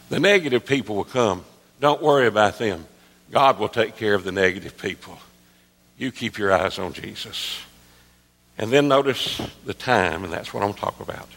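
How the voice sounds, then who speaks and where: A man in his sixties, a pastor, preaching an earnest sermon that drops soft and low, then rises to emphatic calls. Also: vocal fry. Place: church sanctuary. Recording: long reverb of a large hall.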